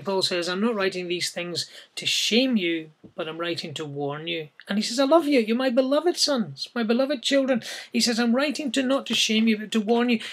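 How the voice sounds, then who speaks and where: A man delivers a verse-by-verse sermon in a high voice with a gravelly edge. He reads the scripture aloud and then explains it plainly to his listeners. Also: a bit bright. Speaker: preacher. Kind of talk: sermon, verse-by-verse Bible teaching.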